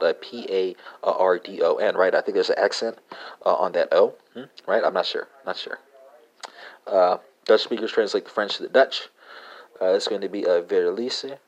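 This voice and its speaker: A man hosting a language podcast, talking haltingly with many fillers and spelling words out letter by letter. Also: sits low, muffled recording. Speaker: podcast host. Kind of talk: language lesson monologue.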